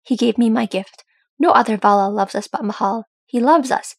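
A woman's voice: mid-range voice, fairly even intonation, a little fast, vocal fry, breathy edge, dry recording. A woman voicing a proud dwarf king who speaks staunchly and fervently.

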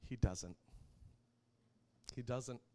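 A middle-aged man preaching a sermon, telling a personal story in an animated way and laughing often. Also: medium pitch, very slow.

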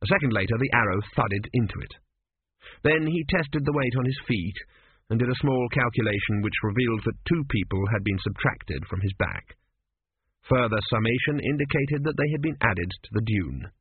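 A man reading a comic novel aloud in a wry, measured way, his pitch moving in a lively way. His voice is slightly husky. The recording is dry and narrow, like a phone line. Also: no echo. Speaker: audiobook narrator. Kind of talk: scripted comic narration.

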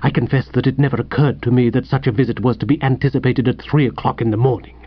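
A man voicing a pompous, irritable older gentleman who talks in a clipped, disdainful way. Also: mid-range voice, fairly even intonation, quick pace, slightly rough, muffled recording, close to an everyday voice. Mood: stern, disdainful.

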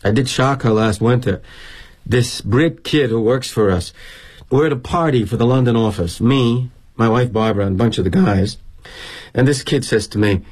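A man's voice: mid-range voice, normal speed, a little mellow, husky, natural voice. A middle-aged man performing a theatrical monologue as a corporate executive, wry and sardonic in a confiding tone.

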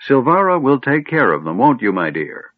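Tinny, phone-like audio carries a man putting on a raised, fussy voice for a muddled old wizard who rambles and mutters to himself. The voice is husky and bounces around a lot in pitch. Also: big pitch swings, moderate pace, no room sound. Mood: fussy, rambling. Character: doddering absent-minded old male wizard.

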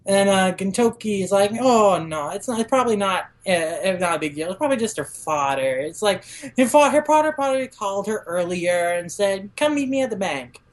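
A woman in a relaxed podcast chat, retelling a story with plenty of "like" and "uh". She jumps into quick, higher voices when she quotes the characters. Her voice sits at an ordinary middle pitch. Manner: many "like" fillers, acts out characters' lines in quick raised voices. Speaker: podcast guest. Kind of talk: casual manga recap.

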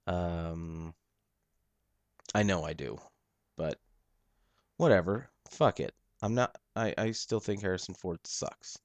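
Young male podcast host, very low voice, laid-back and profane, recorded dry and close. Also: slow pace, pauses often, dry recording. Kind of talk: casual solo podcast chat.

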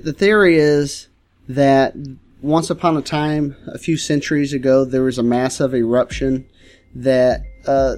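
A man co-hosting a comedic podcast, telling crude, absurd made-up stories with a deadpan delivery. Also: mid-range voice. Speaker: podcast co-host.

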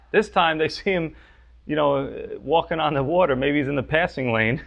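Male pastor, casual preaching with lots of "you know", gravelly tone, muffled recording. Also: a little high, animated, a little fast, a bit bright. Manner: conversational, frequent "you know" and "right?". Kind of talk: sermon.

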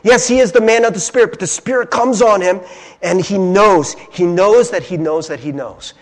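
A man's voice: sits high, normal speed. A young man from Ohio preaching a conversational sermon, earnest and confiding, often checking in with his listeners. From Ohio, USA.

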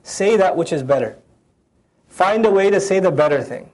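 A man teaching a Quran passage, reciting Arabic verses and translating them, animated as he acts out the voices in the text. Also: high voice, normal speed. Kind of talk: Quran lecture.

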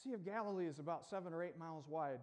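A man's voice: fairly high pitch, rapid-fire. A male pastor preaching a casual, joking sermon, acting out the scene as he tells it. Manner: casual, joking storyteller who acts out the scene. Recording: long hall reverb.

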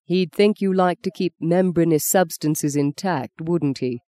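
A reader voicing Arthur, a suave man who speaks slowly and coaxingly, with a theatrical touch. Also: mid-range voice, mellow, lightly acted.

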